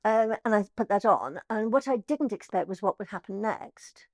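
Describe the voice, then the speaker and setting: A middle-aged woman, an estate agent telling her story in an interview, chatty and animated. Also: fairly high pitch, normal speed, no echo. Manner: chatty, animated, acts out quoted voices.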